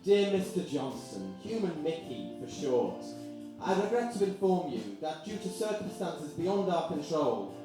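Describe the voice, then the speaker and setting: A man voicing a formal letter from a pompous boss, read deadpan in a live stage sketch. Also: a little high, measured pace. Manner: mock-formal, deadpan reading. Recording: echoey theatre from far off, music behind.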